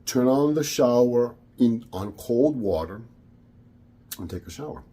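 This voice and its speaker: A man putting on the cold, commanding voice of a dark spirit that gives him orders in a slow, hushed tone. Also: mid-range voice, expressive, husky. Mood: menacing.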